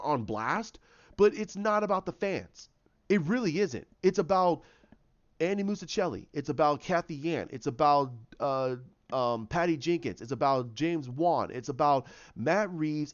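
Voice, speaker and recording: A man with a fairly high voice delivers a heated solo rant, hammering his points through repetition and restarts. The recording is slightly dull and lo-fi. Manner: impassioned and repetitive, restarting phrases. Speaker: YouTube commentator.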